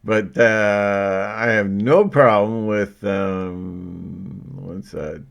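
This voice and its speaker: A man's voice: fairly low pitch, drawn-out words, vocal fry. A man talking to camera in a rambling, casual monologue, joking and self-mocking, with frequent laughs. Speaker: video blogger.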